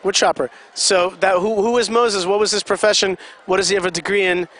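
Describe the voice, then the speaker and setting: A man's voice: sits high, steady tone, fairly quick, fairly bright tone. A man giving chatty live commentary at an event, explaining things and putting questions to the audience.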